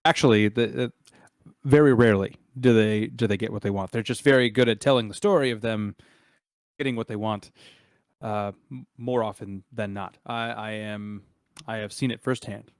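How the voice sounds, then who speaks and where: A man's voice: fairly low pitch, steady tone, normal speed, darkish tone, clear, resonant tone, dry recording, clean studio sound, lightly acted. A man voicing a male character who corrects others in a matter-of-fact way, lightly acted. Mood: knowing. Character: male character interjecting with confident know-how.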